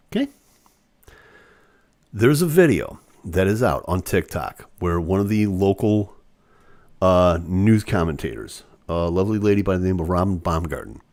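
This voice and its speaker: A man's voice: low-pitched, a little mellow. A man hosting a live online show, chatting casually with viewers and going off on joking, rambling rants.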